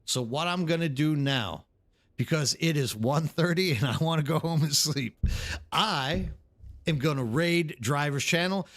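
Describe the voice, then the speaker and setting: A man's voice: fairly high pitch, a little slow, fairly bright tone. A man in his forties, a game streamer, rambling in casual live-stream chat and talking straight to his viewers.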